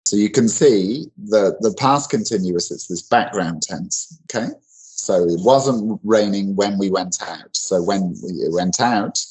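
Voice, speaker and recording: A man's voice: fairly low pitch, measured pace, darkish tone, breathy edge, rough recording. A man teaching English grammar in an online lesson, explaining in a loose conversational way with many fillers and restarts.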